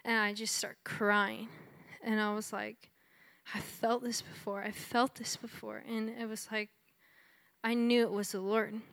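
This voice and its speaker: A woman's voice: a little high, level tone, unhurried, creaky, fairly bright tone, no echo. A woman from Texas giving a conversational testimony in a sermon, telling her story with lots of "like" and "you know". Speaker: speaker sharing her testimony.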